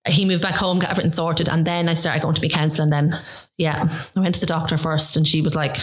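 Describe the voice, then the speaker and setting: A chatty Irish woman in her forties tells her story in an interview. She acts out what people said to her, with lively jumps in her voice. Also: deep voice, a little fast. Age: 40s. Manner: chatty, animated storytelling with acted-out quotes. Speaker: guest. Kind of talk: casual interview chat.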